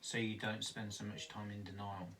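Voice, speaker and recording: A man in a casual conversation, chiming in with quick, supportive remarks that finish the other speaker's thoughts. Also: on the low side, flat delivery, a bit bright, far from the mic, slight background noise.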